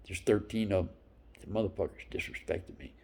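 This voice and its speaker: Gravelly profane man in his fifties. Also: low voice, fairly quick. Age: 50s. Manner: profane, rambling, swings between loud bursts and whispered asides. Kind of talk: rambling storytelling monologue.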